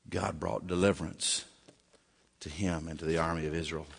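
A male pastor preaching a sermon, swinging dramatically from shouting to near whisper. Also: low voice, animated, normal speed, creaky, slightly rough, long reverb tail.

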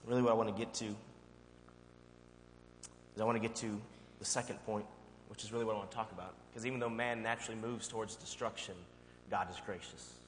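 A male pastor preaching a sermon and telling a personal story in a conversational, animated way. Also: on the low side, fast, pauses often. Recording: long hall reverb, faint hum.

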